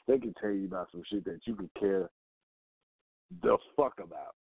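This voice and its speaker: A man's voice: sits low, normal speed, gravelly, slightly rough, dry recording. A man hosting a casual, profane rant, blunt and repetitive, firing rhetorical questions at the things he hates. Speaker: host of a rant show. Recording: dry, tinny phone-like sound.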